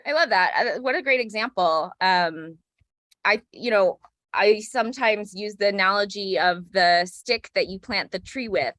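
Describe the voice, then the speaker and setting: A woman's voice: mid-range voice, normal speed, fairly bright tone, no echo. A woman co-hosting a parenting podcast, talking in a reflective, affirming way and often checking in with "right?". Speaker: podcast co-host. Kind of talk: casual conversational chat.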